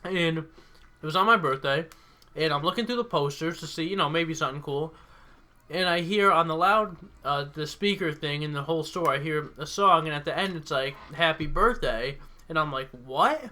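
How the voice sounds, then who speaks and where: A young man co-hosting a gaming podcast, telling an animated story in casual chat and laughing often. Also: fairly high pitch, fairly quick. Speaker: podcast co-host.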